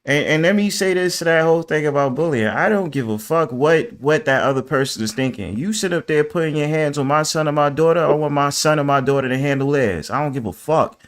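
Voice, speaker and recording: A man's voice: fairly high pitch, brisk, few pauses. Blunt, cussing man hosting a panel. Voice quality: blunt, profane. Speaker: panel host. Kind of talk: heated casual chat. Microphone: phone or video call.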